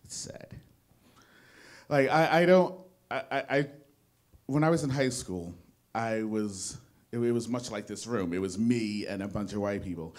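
This young comic speaks on the low side, unhurried, leaving long pauses. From New Jersey, he rambles self-deprecatingly through a stand-up set in a small studio before a live audience, often cutting off and restarting sentences.

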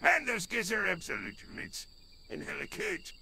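A man voicing a greedy, scheming male crab restaurant boss in a fan-made video game, with gruff sailor talk. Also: high voice, wildly swooping pitch, moderate pace, pushed and bright, full character voice. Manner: gruff sailor talk, calls people "me boy".

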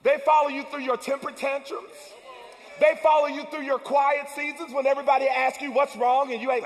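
A man preaching a sermon as pastor, with call-and-response lines that build up to shouts. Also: very high voice, normal speed. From United States. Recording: long church hall reverb.

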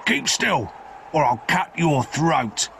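A man voicing a rough, threatening escaped convict who growls his demands. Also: a little high, sing-song, slow, a bit bright, slight background noise, pitched above the performer's own voice, heavily acted. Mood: menacing.

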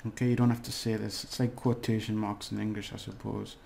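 A man's voice: fairly low pitch, flat delivery, fairly quick, gravelly, darkish tone. A man teaching a casual video lesson, rambling and hesitant, with fillers and small jokes. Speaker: language teacher.

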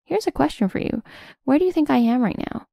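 A woman in scripted first-person narration of a revenge story, smug and measured. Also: high-pitched, lively intonation, creaky, warm tone, no room sound, clean studio sound.

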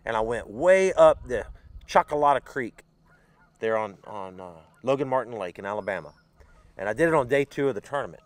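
An American man hosting a podcast, telling a story in a lively way, acting out voices and sound effects. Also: lowish voice, no echo. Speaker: podcast host. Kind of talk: casual storytelling.

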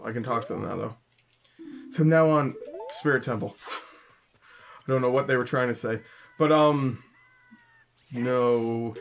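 A man's voice: mid-range voice, slight background noise. A young man from Canada, hosting a let's play and chatting casually while he plays, grumbling and joking and reading game text aloud. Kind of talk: casual gameplay commentary.

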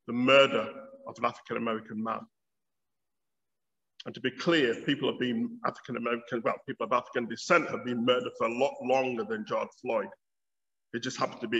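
A Yorkshire-accented man in his fifties gives a public lecture, mixing argument with wry stories. His voice sits at an ordinary middle pitch. The recording is a little dull and trails off into the long echo of a hall. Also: fairly bright tone. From Bradford, Yorkshire, England. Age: 50s. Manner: storytelling, wry. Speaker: lecturer, theology professor.

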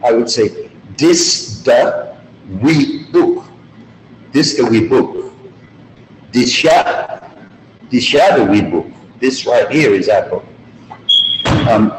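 Man, language teacher, very slow careful delivery, roomy echo, faint background hum. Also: mid-range voice. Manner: deliberate, repeats example phrases slowly. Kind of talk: slow explanatory lesson. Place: school room or video call. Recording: roomy hall with faint ambience.

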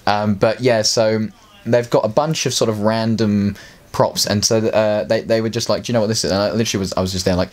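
A man's voice: lowish voice, expressive, very fast. A man telling rambling stories as an interview guest in casual chat. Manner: rambling, chatty storytelling with many restarts. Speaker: interview guest, prop maker. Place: bedroom at home.

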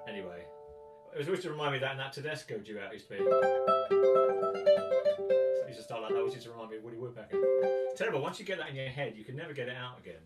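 A man's voice: medium pitch, racing, pauses often. A man teaching a guitar masterclass in a chatty way, often counting and singing rhythms aloud. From England. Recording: roomy sound, mic at a distance.

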